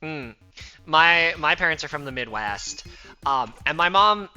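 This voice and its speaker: A man thinks aloud while he plays a game on stream, rambling casually in a very bright, sharp tone. His pitch bounces around a lot from phrase to phrase, and faint game music plays underneath. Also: animated, a little slow. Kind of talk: casual gameplay chatter.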